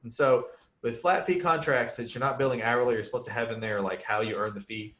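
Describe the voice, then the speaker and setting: A man's voice: mid-range voice, brisk, fairly bright tone. A man hosting a casual chat as a criminal defense lawyer, easygoing and joking, explaining things plainly with everyday examples.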